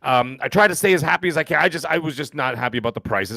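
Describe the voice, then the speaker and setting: A man's voice: on the high side, expressive, fast talker, vocal fry, sharp tone, no room sound. A middle-aged man from Canada co-hosting a podcast, chatting casually and telling jokey stories. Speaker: podcast co-host.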